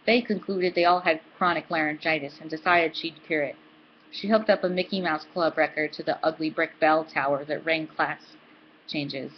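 A woman hosting a book club, reading a novel aloud in a steady, dry manner. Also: deep voice, muffled recording, a little hiss or hum.

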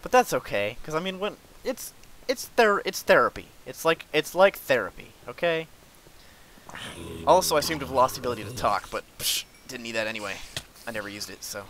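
A man giving let's play commentary, sarcastic and easily frustrated, with sudden yells at monsters. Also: medium pitch, lively intonation, fairly quick, background noise. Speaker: gamer.

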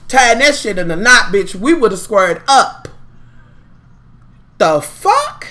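A woman's voice: fairly high pitch, lively intonation, normal speed, pushed and bright. A woman vlogging a profane, sassy gossip rant with mocking, dramatic flair. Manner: profane, sassy, heavy swearing. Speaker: vlogger recapping a reality show.

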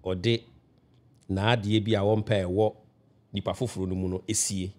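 A man's voice: on the low side, little pitch movement, a little slow, a little mellow. A man, a guest on a radio talk show, explaining his view at length, often restarting and checking that the listener understands. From Ghana.

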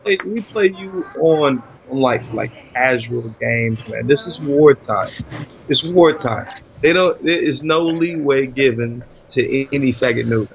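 Gravelly dude ribbing a buddy, dull lo-fi mic. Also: male voice, mid-range voice, measured pace, slight background noise. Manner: teasing, trash-talking. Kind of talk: casual profane chat.

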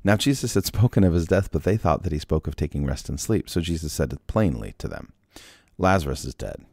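A man with a low voice reads scripture aloud and interrupts himself with casual, joking asides, laughing and sighing. The recording is dry and close. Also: animated, fairly quick, darkish tone, no echo. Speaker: Bible reader. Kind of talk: scripture reading with casual commentary.

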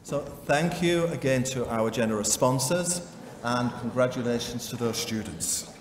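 A man's voice: medium pitch, lively intonation, unhurried. A man hosting a graduation ceremony, announcing the next speaker. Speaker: ceremony host. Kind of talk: formal announcing. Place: large ceremony hall. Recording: echoey hall, distant mic, crowd noise.

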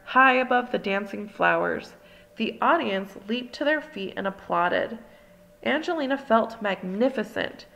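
Gravelly woman reading a children's story. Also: medium pitch, a bit bright, low-quality recording. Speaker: storybook reader. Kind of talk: children's storybook read-aloud.

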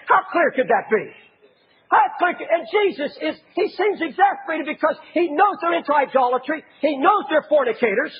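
A man preaching an impassioned sermon as a pastor, often raising his voice to a shout. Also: very high voice, lively intonation, fairly quick, lo-fi sound.

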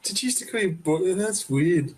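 A man's voice: sits high, expressive, normal speed, darkish tone, breathy edge. A man hosting a casual interview, asking blunt, joking questions and often stumbling over and repeating his words. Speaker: host interviewing a guest. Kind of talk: casual, crude interview chat.

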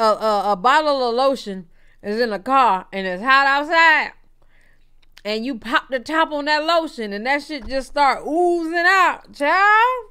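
Slow, bright-voiced laughing woman. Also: high voice. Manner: blunt, laughing, crude. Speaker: co-host. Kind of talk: casual gossip chat.

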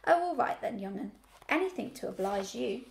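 A woman's voice: fairly high pitch, lively intonation, moderate pace, vocal fry. A woman voicing a sickly old mother ewe from a storybook, grumbling in a rustic way.

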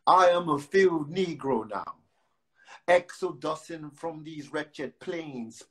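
A man with a somewhat high voice talks easily, full of fillers, then reads his poetry with a rhythmic, emphatic drive. He is heard through a phone on a live video stream. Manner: loose and chatty with many fillers, then rhythmic and emphatic when reciting. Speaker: guest poet. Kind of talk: casual chat and spoken word poetry reading.

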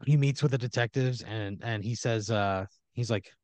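A man's voice: medium pitch, moderate pace, a little mellow, no echo. A man hosting a comedy podcast, telling an improvised story in a rambling way, full of restarts and fillers.

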